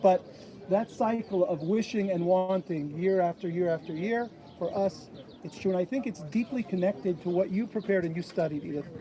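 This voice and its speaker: Guy with a high voice telling a story sermon outside, does little voices for people, lots of crowd noise around. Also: moderate pace. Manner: animated storyteller who acts out quoted voices. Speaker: officiant at a bat mitzvah. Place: outdoors at an old stone wall.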